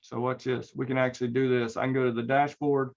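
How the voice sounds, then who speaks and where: A man's voice: medium pitch, little pitch movement, fast, vocal fry, dull audio. A man teaching a recorded online networking class, talking casually with many fillers and restarts. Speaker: networking instructor. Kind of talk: recorded online class lecture with screen share.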